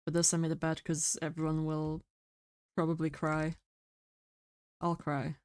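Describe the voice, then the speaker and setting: A sick woman streamer chatting quietly and mumbling close to her microphone. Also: deep voice, completely flat delivery, measured pace, clear, resonant tone, dry recording. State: sick, rough throat. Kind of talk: casual stream chat. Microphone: very close to mic.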